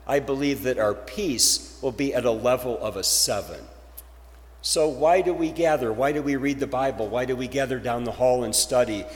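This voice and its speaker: Man preaching in a reverberant hall. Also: medium pitch. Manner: preaching with rhetorical questions. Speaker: pastor. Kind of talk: sermon.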